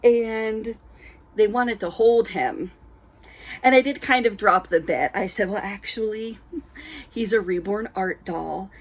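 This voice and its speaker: A woman chatting to her camera at home, with a middle-pitched voice. She tells stories casually with plenty of ums and little laughs. Her throat sounds a bit dry. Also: lively intonation, unhurried. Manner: chatty, giggly, many ums, acts out quoted voices. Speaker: reborn doll collector vlogger. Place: indoors at home, lit by a ring light.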